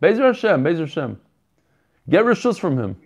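A man's voice: on the high side, sing-song, brisk, lo-fi sound. A man hosting an online learning group over a video call, chatting casually, joking and greeting people by name. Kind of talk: casual chat with group members.

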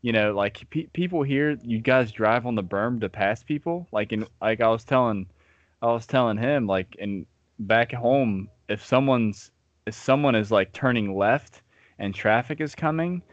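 A man's voice: mid-range voice, normal speed, dry recording. Laid-back man, muffled dry audio. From Southern United States. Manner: laid-back, profane storyteller who laughs often. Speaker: podcast co-host. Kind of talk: casual chat.

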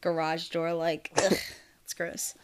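A woman's voice: deep voice, completely flat delivery, slow, smooth. A woman co-hosting a podcast over a video call, chatting casually in a rambling, profane way and laughing often. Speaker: podcast co-host. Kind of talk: casual chat. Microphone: remote video call mic.

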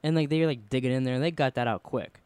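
A man hosts a podcast, recapping a TV episode in a loose, rambling, jokey way. His voice is smooth and resonant, and it sounds close and dry on a studio mic. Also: mid-range voice, racing, darkish tone, dry recording. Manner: rambling, jokey, acts out characters' lines. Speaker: podcast host. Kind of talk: casual chat recapping a TV episode.

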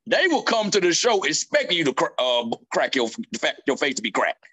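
A male stand-up comedian in casual chat, telling animated stories and acting out what people said. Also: on the high side, brisk, slightly rough. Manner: animated storyteller acting out quotes.

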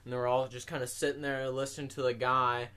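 A man's voice: medium pitch, level tone, quick pace, pushed and bright, smooth. A young man on a podcast telling a rambling story, swearing constantly and laughing at himself. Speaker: podcast co-host. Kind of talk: casual storytelling.

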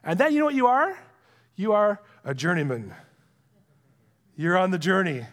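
Male pastor, high-pitched, conversational sermon delivery with hushed asides. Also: huge pitch swings, normal speed. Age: adult with young children. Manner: conversational and earnest, drops to a hush for emphasis.

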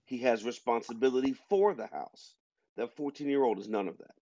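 A man's voice: mid-range voice, a little fast, dark tone, no echo. A man hosting a podcast, arguing his view emphatically in an opinionated discussion. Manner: emphatic, argumentative. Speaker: podcast host. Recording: dull lo-fi sound.

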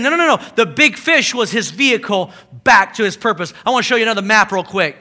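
A male pastor preaching a sermon, telling stories with animated bursts and then slowing to hushed emphasis. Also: extremely high pitch. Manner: animated storytelling, swinging from loud bursts to slow hushed emphasis.

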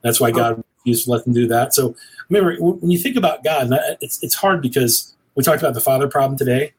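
A man's voice: mid-range voice, fast, husky, rough recording. A middle-aged man talking earnestly and rambling a little, like a preacher, as a guest on a cigar show. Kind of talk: casual conversation.

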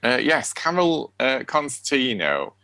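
A man's voice: medium pitch, very animated, unhurried, bright, forceful tone, no room sound. Giggly Sheffield man on a podcast. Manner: giggly, chatty, rambling. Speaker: podcast co-host. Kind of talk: casual chat.

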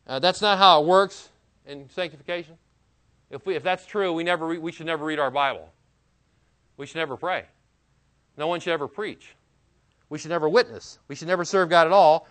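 A man's voice: on the high side, quick pace, fairly bright tone. A man preaching a sermon as a pastor, earnest and emphatic, with casual asides and rhetorical questions.

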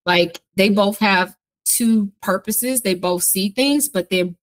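Woman, casual cast chat, lively and quick to mimic voices. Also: mid-range voice, low-quality recording. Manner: animated, acts out character lines. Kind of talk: casual group interview.

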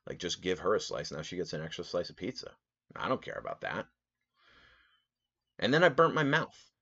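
A man with a very deep voice tells a casual podcast story, rambling and animated, with plenty of "like" and "uh". The sound is dull and a bit lo-fi. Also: normal speed. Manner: rambling, animated, full of fillers. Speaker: podcast host.

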